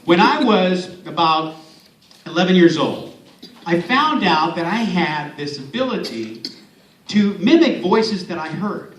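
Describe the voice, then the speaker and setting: High-voiced storytelling man in an echoey hall. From San Antonio, Texas. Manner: warm storytelling with playful asides. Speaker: speaker, former radio host and voice actor. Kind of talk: motivational speech. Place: large hall at an event. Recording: echoey hall from far off, faint ambience.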